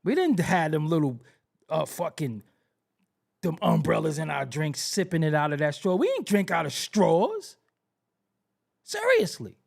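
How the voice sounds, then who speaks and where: Brash, lively man ranting. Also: a little high, a little slow, gravelly, pauses often. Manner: brash, profane, laughing, mocking. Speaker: host. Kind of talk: hip-hop commentary rant.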